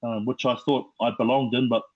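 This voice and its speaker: A middle-aged man with a New Zealand accent, telling his life story as a podcast guest in a slow, reflective way with many fillers. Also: mid-range voice, level tone, dull audio. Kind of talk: personal testimony.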